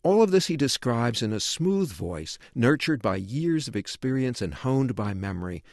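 A man reading a scripted book review for a radio program in a measured, even way. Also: medium pitch, vocal fry, no room sound, studio quality. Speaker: book critic.

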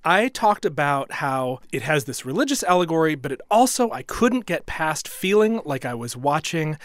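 A man sharing a measured film critique as a podcast panelist. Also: a little high, big pitch swings, a bit bright, no echo. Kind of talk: casual chat.

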